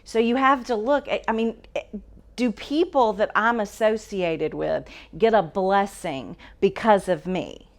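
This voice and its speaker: A woman's voice: mid-range voice, measured pace. A woman teaching a Bible study to a live group in a church room, talking casually, asking the group questions and correcting herself as she goes. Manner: conversational, asks the group questions, self-correcting.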